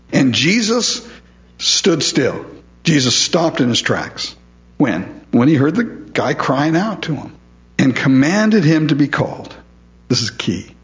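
A man's voice: mid-range voice, lo-fi sound. A man preaching a sermon, retelling a Bible story and acting out the voices of its people. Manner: lively storytelling delivery, acting out quoted voices.

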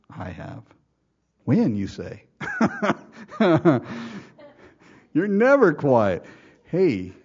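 A man's voice: on the low side, darkish tone, breathy edge, dull audio. A man preaching a sermon in a folksy way, asking rhetorical questions and acting out quotes. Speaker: pastor.

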